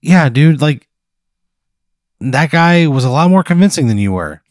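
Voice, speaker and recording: A man's voice: on the high side, sing-song, measured pace, no echo, studio quality. A man in a casual comedy chat, answering in short, exasperated replies. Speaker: podcast co-host answering a hypothetical.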